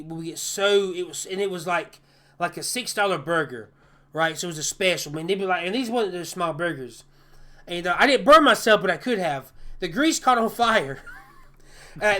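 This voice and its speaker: A man with a high, bright voice tells kitchen stories on a casual podcast. He is animated and keeps repeating and restarting his words as he goes. He talks like a working chef swapping tales.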